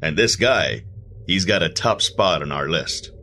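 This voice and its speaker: A man playing a calm, persuasive male agent of the underworld in a black suit, quietly gloating in a horror audio drama. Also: sits low, measured pace, a little hiss or hum, exaggerated voice.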